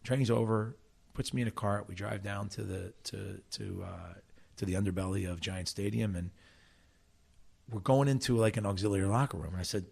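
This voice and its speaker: A man's voice: on the low side, a little fast, creaky. A middle-aged man from South Jersey, an interview guest telling stories from his playing career with lots of restarts and repeated words. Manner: animated storyteller with many restarts. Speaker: interview guest, former player and coach. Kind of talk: storytelling conversation.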